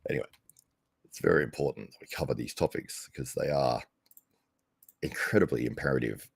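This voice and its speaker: A man's voice: extremely low pitch, brisk, creaky, breathy edge, no echo, studio quality. An Australian man hosting a live commentary stream, rambling casually to viewers with frequent laughs and restarts. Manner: rambling, laughs often, self-correcting. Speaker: livestream commentary host. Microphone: desk microphone, no headphones.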